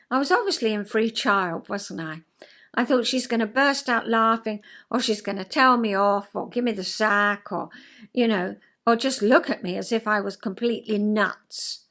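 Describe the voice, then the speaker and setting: A woman's voice: fairly high pitch, a bit bright. An older woman, a former counsellor, telling a rambling, self-deprecating story in casual vlog chat. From England.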